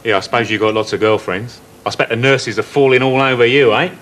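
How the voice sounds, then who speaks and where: A man's voice: mid-range voice, fast, a bit bright, lightly acted. An actor playing a middle-aged ex-navy father, hearty and chummy, dropping nudging innuendo in a sitcom. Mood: jovial. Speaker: visiting father, ex-sailor. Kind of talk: 1990s TV sitcom acting.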